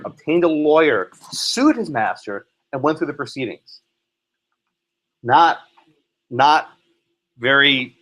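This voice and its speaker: Male law professor, bright forceful voice, Socratic questioning, classroom. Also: fairly high pitch, rough recording. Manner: questions students by name, frequent "right?" and "okay?".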